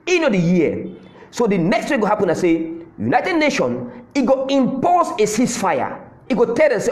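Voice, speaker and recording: A man's voice: sits high, wildly swooping pitch, moderate pace, reverberant. Fiery Cameroonian Pidgin-speaking man. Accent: Cameroonian Pidgin English. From Southern Cameroon. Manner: fiery, rhetorical, repeats his points. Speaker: political commentator. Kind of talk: impassioned political address.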